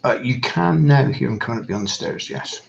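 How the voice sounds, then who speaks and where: A man's voice: mid-range voice, expressive, moderate pace, gravelly, muffled recording. A man running a tabletop game as game master, narrating hesitantly with many fillers and restarts.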